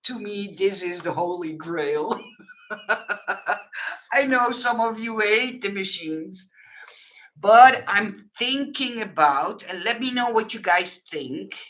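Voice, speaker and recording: A woman's voice: medium pitch, takes it slowly, a bit bright, low-quality recording. A woman craft vlogger chatting frankly to her viewers in English, laughing often. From Netherlands. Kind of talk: casual chat to viewers.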